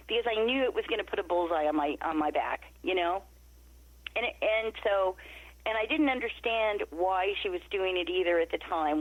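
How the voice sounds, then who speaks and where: A middle-aged woman from Nevada, appearing as a podcast interview guest, tells an animated story and acts out the quoted dialogue. Her voice is medium-pitched with no echo, over muffled lo-fi remote audio.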